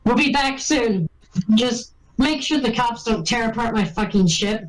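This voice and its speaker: A woman's voice: on the high side, measured pace, far from the mic, a little hiss or hum, rough recording. A woman playing a tabletop game, blunt and swearing freely. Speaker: player. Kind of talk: casual game chat.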